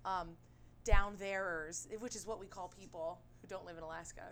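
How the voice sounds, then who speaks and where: A woman co-hosting a casual podcast chat, animated and playful, quick to laugh. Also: lowish voice. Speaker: podcast co-host. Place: Alaska.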